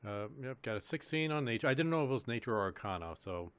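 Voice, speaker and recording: A man playing a tabletop game, thinking through rules aloud with hesitant pauses. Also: mid-range voice, lively intonation, fairly bright tone, clean tone, no echo. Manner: thoughtful, hesitant, rules-minded. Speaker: player. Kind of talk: casual tabletop game chat.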